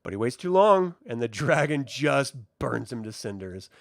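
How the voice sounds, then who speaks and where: A man's voice: medium pitch, sing-song, moderate pace, vocal fry, no echo, studio quality. A young adult man casually reviewing a TV episode, chatty and profane, often losing track of names. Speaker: TV review host.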